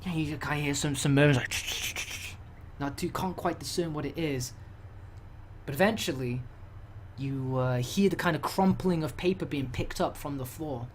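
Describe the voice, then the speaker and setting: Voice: mid-range voice, normal speed, slight background noise. A game master narrating a tabletop horror game in a loose, hesitant way, often restarting.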